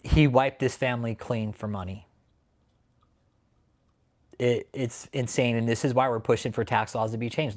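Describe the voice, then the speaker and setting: A man hosting a livestream who rants angrily with heavy swearing, swinging between loud outbursts and low grumbling while he reads out chat names. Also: steady tone, moderate pace, long pauses. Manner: angry, profane ranting. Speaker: channel host. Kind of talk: livestream commentary, reading chat.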